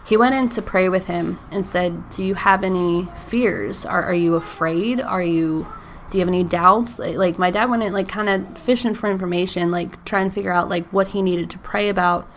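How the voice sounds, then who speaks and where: A woman's voice: on the low side, fairly even intonation, moderate pace. Chatty woman podcaster, faint hiss. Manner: chatty, frequent "like" and "um", laughs between thoughts. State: emotional, near tears. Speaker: podcast host. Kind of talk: casual faith podcast monologue.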